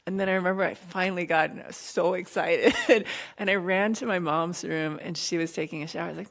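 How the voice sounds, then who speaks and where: A woman hosting a podcast, chatting casually and telling animated stories with frequent laughter. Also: fairly low pitch, quick pace, creaky. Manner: animated storyteller, laughs often. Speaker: podcast host. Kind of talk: casual chat.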